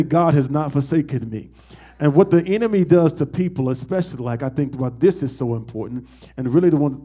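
A man's voice: fairly high pitch, warm tone. A man, a pastor, preaching a sermon to his congregation and asking them call-and-response questions.

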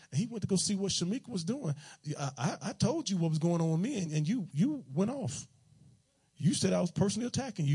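A man's voice: sits high, sing-song, brisk, a little mellow, husky. A man preaching a sermon in a loose, conversational, joking way, full of everyday slang.

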